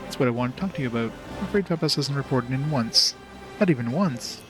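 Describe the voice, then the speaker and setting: A man reading the lines of a calm, businesslike male security commander in a game. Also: mid-range voice, quick pace, close to an everyday voice. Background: game music.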